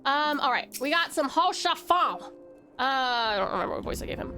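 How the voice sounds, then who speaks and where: Aussie girl streaming, chirpy and sweet to chat, voice bouncing all over, some game music quietly underneath. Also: high voice, animated, normal speed. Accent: Australian. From Australia. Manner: bubbly, greets viewers with sweet nicknames. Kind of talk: casual live-stream chat. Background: faint game music.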